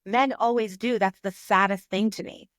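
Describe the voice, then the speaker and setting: A woman hosts a podcast, telling a personal story in a casual, emotional way and dropping "like" often. Her mid-range voice is fairly bright, with fairly even intonation and a normal pace. The recording is clean studio sound with no room echo.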